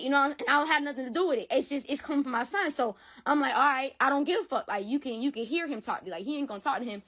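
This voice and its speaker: A woman's voice: sits high, fast talker, hardly any pauses, a bit bright. A woman guest retelling a personal dispute bluntly, swearing freely and repeating herself. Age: adult with a school-age son. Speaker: interview guest.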